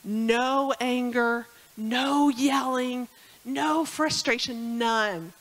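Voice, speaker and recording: A woman's voice: on the high side, drawn-out words, poor audio. A woman telling a personal story in a church sermon, chatty and emotional, near tears at times. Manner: emotional, tearful at times, chatty with many fillers. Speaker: speaker at a church service. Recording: music playing behind.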